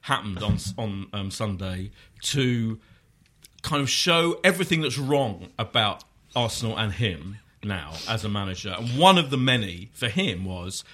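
A man hosting a casual football podcast, animated and opinionated, with quick asides. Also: fairly low pitch. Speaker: podcast host.

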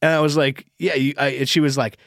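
A man telling door staff stories in a casual studio chat, loudly acting out his own yelling. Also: quick pace, gravelly, no room sound. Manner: animated, acts out loud yelling in high pitch when quoting himself. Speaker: comedy club door staff, podcast regular. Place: podcast studio.

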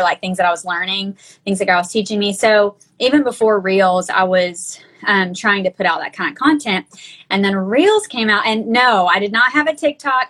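A woman's voice: medium pitch, fairly bright tone, poor audio. A woman in her thirties from Arkansas with a Southern twang, chatting casually as a podcast guest over a video call, with many fillers and restarts. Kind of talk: casual chat.

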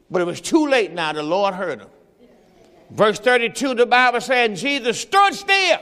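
A man preaches with a very high, bright voice that carries a long reverb through the church. He urges the congregation on with call-and-response and builds into shouting. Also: big pitch swings, moderate pace. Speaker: pastor. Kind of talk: sermon. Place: church sanctuary.

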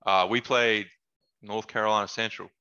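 A man with a bright, forceful voice tells relaxed stories on a podcast, mixing in slang and laughing easily. The audio is dull and lo-fi. He talks like he is among old friends. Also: lowish voice, normal speed, clear, resonant tone. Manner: laid-back, laughs often, slangy asides. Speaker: podcast guest, former basketball player. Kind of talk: casual storytelling chat.

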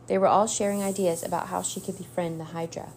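A woman reading a children's chapter book aloud in a steady storytelling way. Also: lowish voice, fast, creaky, a little hiss or hum. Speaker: narrator.

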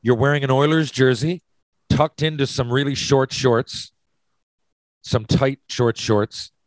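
A podcast host with a medium-pitched male voice talks a little slowly in a casual chat, posing hypothetical questions. He rambles, keeps restarting his sentences, and swears a lot. The recording is rough but has no echo.

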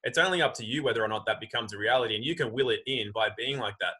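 A man's voice: mid-range voice, very fast, pushed and bright, breathy edge, rough recording. A man in casual conversation, talking animatedly and acting out quoted voices.

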